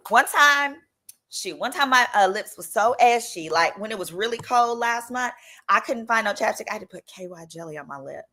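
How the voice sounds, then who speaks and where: Southern woman host, bright animated storyteller, casual stream chat, slight cough. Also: on the high side, normal speed. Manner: chatty, animated, drops into quoted voices. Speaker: attorney and channel host.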